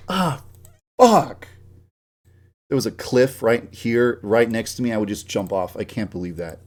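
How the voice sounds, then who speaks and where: A man's voice: on the low side, expressive, moderate pace, darkish tone, slight background noise. A man streaming his game development work, ranting, swearing a lot and mocking himself as he works. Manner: swears often, rants and grumbles to himself; self-mocking, laughs at his own jokes. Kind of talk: live-stream work commentary.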